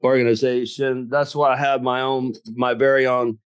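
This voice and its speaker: Folksy Southern man with a smooth voice. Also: mid-range voice, level tone, moderate pace, dry recording. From southern Alabama. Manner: folksy, jokes and laughs at own stories. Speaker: guest, business coach and author. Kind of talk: storytelling interview.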